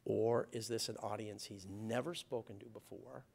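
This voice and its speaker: A man's voice: lowish voice, steady tone, moderate pace, vocal fry, a little mellow, breathy edge. A man giving a conversational public talk, with many fillers and restarts. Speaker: guest speaker. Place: lecture hall.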